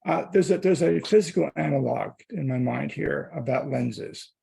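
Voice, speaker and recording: Gravelly, husky man with a dark tone, hesitant participant raising a point, heard from a distance. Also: on the high side, normal speed. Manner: hesitant, apologetic. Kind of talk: polite question in discussion.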